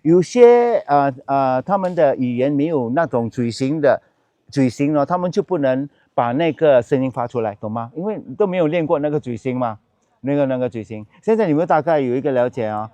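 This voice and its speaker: A man, a Buddhist monk, teaching a dharma class, switching between English and Mandarin and slowly chanting mantra syllables. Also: mid-range voice, lively intonation, dark tone, no echo, lo-fi sound.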